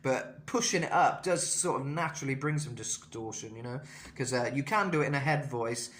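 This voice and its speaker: A man's voice: medium pitch, a little fast, a bit bright. A young man giving a casual vocal lesson, talking loosely with self-mocking asides between demonstrations. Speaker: vocal coach.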